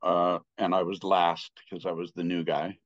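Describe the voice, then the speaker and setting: Older man recounting his path, low voice. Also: level tone, dry recording. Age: 60s. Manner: halting, with frequent restarts and filler. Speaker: Buddhist teacher. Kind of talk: personal storytelling talk. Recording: slightly muffled dry recording.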